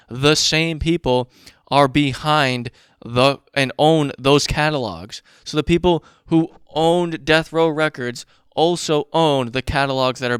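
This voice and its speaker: Smooth, heated man ranting on a podcast. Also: mid-range voice, a bit bright, no room sound, studio quality. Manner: profane, worked-up ranting with running math. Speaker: podcast host. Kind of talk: casual ranting commentary.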